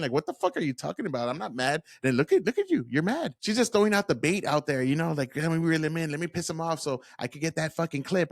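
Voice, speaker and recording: A man's voice: a little high, dry recording, clean studio sound. A man giving casual, worked-up reaction commentary on interview clips, blunt and profane.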